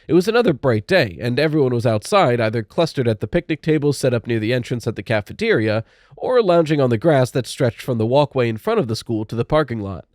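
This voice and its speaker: A man narrates a spooky young-adult audiobook, steady and measured, in an ordinary middle pitch. The recording is dry and close, with no room sound or echo.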